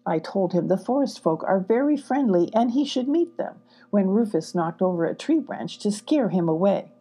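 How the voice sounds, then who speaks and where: A woman voicing a curious, fearless young male kitten in a storybook reading, speaking calmly. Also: medium pitch, normal speed, husky. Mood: calm bold. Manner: calm, unafraid.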